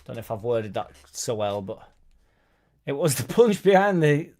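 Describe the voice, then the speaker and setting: A medium-pitched, sing-song male voice with a darkish tone, moving at a moderate pace. He hosts a casual football fan broadcast, reading live chat out loud and answering in a talkative manner.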